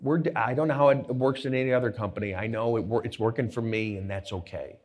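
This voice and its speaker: A middle-aged man, a guest entrepreneur on stage, telling animated anecdotes full of quoted dialogue. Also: medium pitch, fast. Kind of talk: storytelling on stage.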